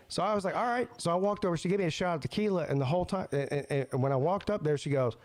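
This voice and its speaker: Male podcast host, rambling and profane, a bit high-pitched, dry close sound. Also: very fast, hardly any pauses, no echo. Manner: rambling, profane, repeats words. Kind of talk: casual chat, storytelling.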